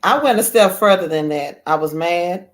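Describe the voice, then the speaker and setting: Animated woman telling a marriage story. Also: on the low side, moderate pace. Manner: animated, acts out quoted voices. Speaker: guest author. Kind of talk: casual storytelling chat.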